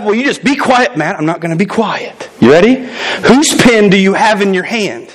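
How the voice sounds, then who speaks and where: A man in his thirties from the United States, preaching a lively sermon full of quick asides and jokes. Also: sits high, low-quality recording. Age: 30s. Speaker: pastor.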